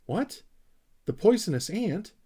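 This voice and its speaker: A man voicing an eager, dreamy young male troll creature who talks with excitable enthusiasm. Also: high voice, slow, breathy edge, voice pushed up, heavily acted.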